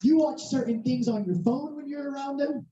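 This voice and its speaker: A hoarse preacher with a strained, worn voice delivers a storytelling sermon and acts out every exchange with sudden high jumps. The tone is very dark and mellow. It is heard from a distance in a roomy, echoing space with a slightly muffled sound. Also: moderate pace, a little hiss or hum. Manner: animated, acting out dialogue with big pitch jumps.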